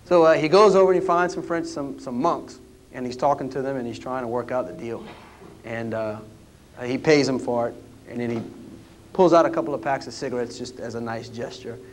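A man's voice: medium pitch, fairly quick, a little hiss or hum. A man, a historian telling anecdotes in a lecture, in a folksy way with frequent restarts. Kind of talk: storytelling lecture. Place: lecture room at a history roundtable.

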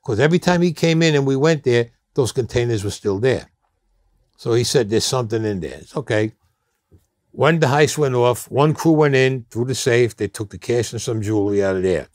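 A man's voice: medium pitch, normal speed, darkish tone, no echo. A man in an interview, telling stories in a blunt, streetwise way. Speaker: interview guest. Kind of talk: storytelling interview.

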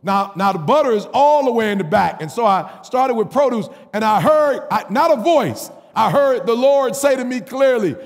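High, raspy-edged male preacher, animated storytelling with call-and-response, in a reverberant hall. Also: normal speed, hardly any pauses. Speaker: pastor. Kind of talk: sermon storytelling.

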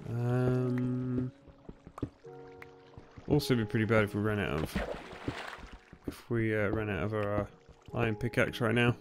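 A young man giving nervous, excitable commentary on a game he is playing, often bursting into shouts. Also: lowish voice, measured pace, pauses often, over music. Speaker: gaming YouTuber. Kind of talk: Let's Play commentary.

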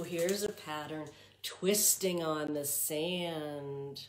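A woman's voice: on the low side, fairly even intonation, slow, echoey room, slight background noise. A woman librarian reading a picture book aloud to young children, chanting patterns in a sing-song and asking them questions.

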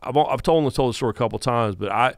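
Male, 50s, North Carolina Southern accent, animated podcast storyteller, dry studio sound. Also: mid-range voice, quick pace, no echo. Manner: animated storyteller who acts out quotes. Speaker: guest podcast host.

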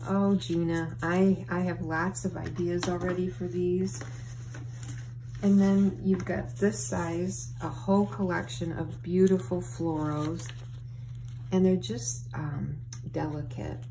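A woman's voice: on the low side, takes it slowly, slight background noise, low-quality recording. A woman papercraft vlogger unboxing craft mail and gushing over each item to her viewers. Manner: gushing, excited, often breathy exclamations. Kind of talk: casual unboxing chat to viewers.

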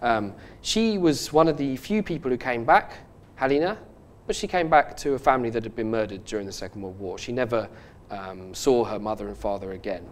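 A man hosting a podcast, telling a story in a halting, earnest way with many restarts and fillers. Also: mid-range voice, expressive. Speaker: podcast host. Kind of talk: casual podcast chat.

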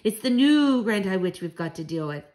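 A woman's voice: mid-range voice, lively intonation, normal speed, darkish tone, close to an everyday voice. Spirited storybook grandma, old and commanding, woman reader. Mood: fervent. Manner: emphatic, commanding, declaiming. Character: fierce, spirited old grandmother witch-hunter.

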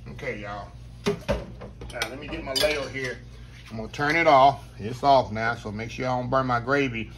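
Man hosting a home cooking show, folksy and chatty, medium pitch, faint kitchen noise behind. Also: a bit bright. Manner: folksy, talks straight to viewers, says y'all constantly. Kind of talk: casual cooking demonstration.

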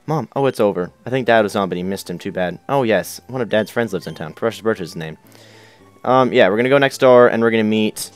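A man's voice: lowish voice, fast talker, smooth, faint music behind. A young man hosting a casual let's play, chatting loosely, swearing and reading game text aloud in silly voices. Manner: goofy, swears, shouts character names.

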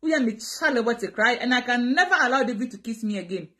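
On a live stream, a woman with a Ghanaian accent responds to viewer comments with animated drama, moving between two languages. Her voice is a little high and her pace quick.

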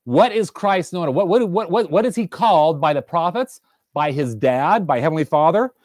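A man giving a livestreamed devotional fireside talk from a room, earnest and animated, repeating his questions, stumbling over words and reading viewer answers aloud. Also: on the high side, moderate pace, no echo, clean studio sound. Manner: reads viewer answers aloud from a live chat. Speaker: fireside speaker. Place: indoors room, alone.

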